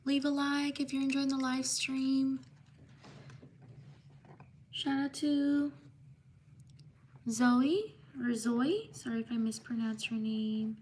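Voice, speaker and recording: Woman, live stream host, high voice, slow unhurried delivery, name shout-outs. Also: level tone, slight background noise. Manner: slow, drawn-out name reading with quick apologies.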